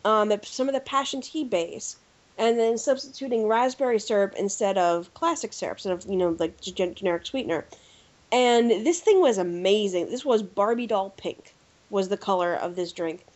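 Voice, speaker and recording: A woman from the United States hosting a podcast, telling a story in a casual, animated way with lots of fillers. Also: mid-range voice, normal speed. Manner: animated storyteller, lively filler-heavy delivery. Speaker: podcast host. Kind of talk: casual chat, anecdote telling. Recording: dull lo-fi podcast audio.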